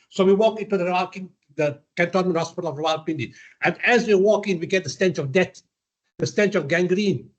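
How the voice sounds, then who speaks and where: Un hombre de Sudáfrica da una conferencia narrando anécdotas de forma directa y animada, representando los diálogos con distintas voces. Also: male voice, sits high. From South Africa. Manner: blunt, animated storyteller acting out dialogue. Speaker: lecturer. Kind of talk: storytelling lecture.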